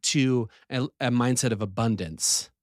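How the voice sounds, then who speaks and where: A man's voice: medium pitch, unhurried, dry recording. Candid podcast host man, dry sound. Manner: candid, self-deprecating, filler-heavy. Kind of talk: casual conversation.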